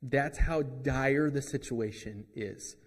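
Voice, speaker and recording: A man's voice: medium pitch, slow pace, breathy edge, big-room sound. A man preaching a sermon as pastor, in a conversational way with joking asides.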